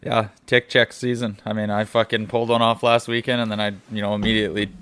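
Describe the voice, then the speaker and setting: A man on a hunting podcast, telling stories in a loose, profane, animated way. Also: on the low side, fast, smooth, no room sound. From British Columbia, Canada. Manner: profane, animated, swears constantly. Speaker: podcast host. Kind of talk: casual chat, storytelling.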